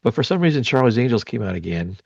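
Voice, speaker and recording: A man's voice: medium pitch, sing-song, quick pace, creaky, darkish tone, breathy edge, dry recording, muffled recording. A man co-hosting a podcast, casually chatting with an opinionated, grumbling, sarcastic manner. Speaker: podcast co-host. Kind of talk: casual chat.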